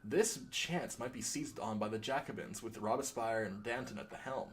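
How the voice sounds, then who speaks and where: A man reading the lines of a secretive informant in a game, in a quieter, lower, steady voice. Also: moderate pace, natural voice. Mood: ominous. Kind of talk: reading game dialogue aloud.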